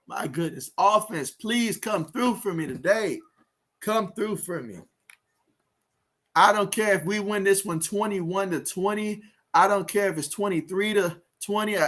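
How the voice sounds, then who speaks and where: High bright-voiced guy doing live football watch-along, gets loud and fired up over plays, reads chat out. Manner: excitable fan, shouts and groans at plays; reads viewer chat comments aloud. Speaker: livestream sports host.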